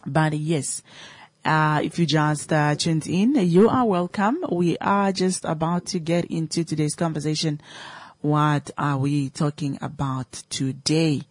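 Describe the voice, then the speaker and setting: Woman, radio host, low voice, chatty, dry close sound. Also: measured pace, no room sound. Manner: chatty, many fillers, asks listeners questions. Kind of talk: casual radio talk.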